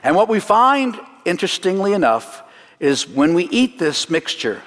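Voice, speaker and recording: A man teaching a congregation through a Seder, earnest and slowing down for solemn points, with light jokes along the way. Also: high voice, very animated, fairly bright tone, long reverb tail. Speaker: messianic teacher leading a Seder demonstration. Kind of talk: sermon-style teaching to a congregation.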